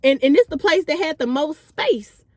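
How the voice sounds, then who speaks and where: A young woman vlogger telling a party story in a casual, animated, blunt way, talking straight to her viewers. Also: high-pitched, normal speed. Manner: animated, slangy and blunt, addressing viewers as y'all.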